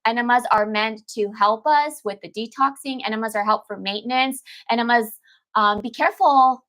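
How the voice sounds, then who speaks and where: A woman's voice: on the high side, normal speed, fairly bright tone. A woman detox coach, talking casually to her viewers in an emphatic way, repeating phrases and calling them "baby" and "girl". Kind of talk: casual live-stream talk to viewers.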